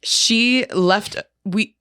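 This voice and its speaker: A woman's voice: mid-range voice, very slow, fairly bright tone, clean tone, dry recording, clean studio sound. A young woman co-hosting a podcast in a laid-back casual chat, laughing often and using many fillers. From New York area. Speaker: podcast co-host.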